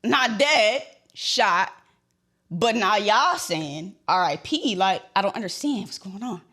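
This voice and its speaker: A young adult woman hosting a podcast, telling a personal story in an animated way, acting out the dialogue and talking straight to her listeners. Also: medium pitch, normal speed. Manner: animated, reenacts dialogue, addresses listeners as y'all. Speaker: podcast host.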